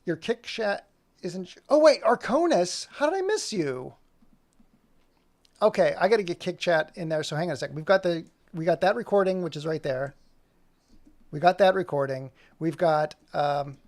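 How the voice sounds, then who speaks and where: With lively intonation and a moderate pace, a man with a slightly high, darkish voice chats on a livestream in a dry recording. He rambles and talks to himself while working on an animation.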